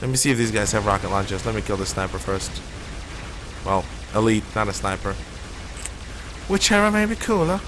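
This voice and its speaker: A man's voice: on the low side, flat delivery, fairly quick, noisy background. A man streaming a shooter game live, rambling and opinionated as he plays. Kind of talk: casual live gameplay commentary.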